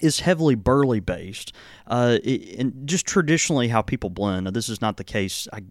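A man's voice: mid-range voice, lively intonation, moderate pace, no echo, studio quality. An American man hosting a pipe tobacco podcast, rambling with many fillers and restarts. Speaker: pipe tobacco shop host. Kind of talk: casual podcast chat.

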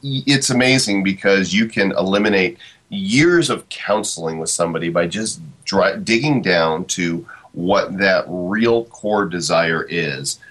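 A man's voice: low-pitched, measured pace, a bit bright. A middle-aged man hosting an interview, asking reflective questions in a hesitant, conversational way. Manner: hesitant, many fillers and restarts, asks reflective questions. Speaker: interview host.

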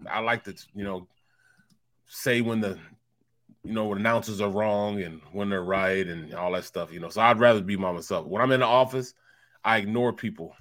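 A man's voice: lowish voice, steady tone, normal speed, fairly bright tone. A man co-hosting a sports talk show, telling a story animatedly and repeating words when worked up. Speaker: co-host, former football player.

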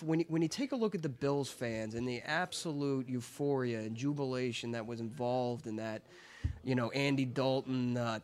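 A man hosting a lively sports talk show, talking excitedly with lots of stammered restarts and playful teasing. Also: medium pitch. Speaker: host.

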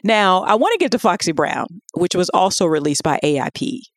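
A woman co-hosting a podcast in casual chat, telling stories in an animated way with laughs. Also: on the low side, brisk, no echo, clean studio sound. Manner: animated storytelling with laughs and acted quotes. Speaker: podcast co-host.

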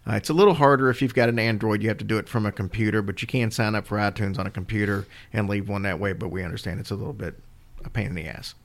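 In a very fast, lowish voice, a male podcast co-host talks about supporting the show in relaxed, meandering chat packed with fillers.

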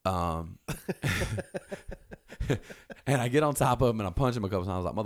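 A man's voice: sits low, normal speed, long pauses, clear, resonant tone. A man casually telling a rowdy story, swearing and acting out what people said in raised voices. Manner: animated, swearing, acts out quotes in raised voices. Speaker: storyteller guest.

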